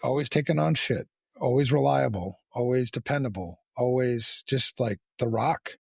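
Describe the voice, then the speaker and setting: A man hosting a podcast, talking candidly and bluntly with a lot of swearing and halting restarts. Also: mid-range voice, gravelly, darkish tone, breathy edge, no room sound, clean studio sound. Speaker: podcast host. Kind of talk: candid casual conversation.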